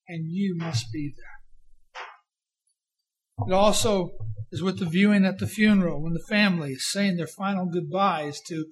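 A man preaching a sermon with impassioned delivery, rising to loud emphasis and dropping to a hushed quiet. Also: high-pitched, husky, poor audio.

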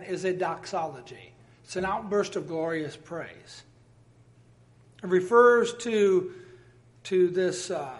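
A man's voice: high voice, fairly bright tone. A man preaching a sermon in a conversational, exuberant way, with frequent exclamations and occasional coughing.

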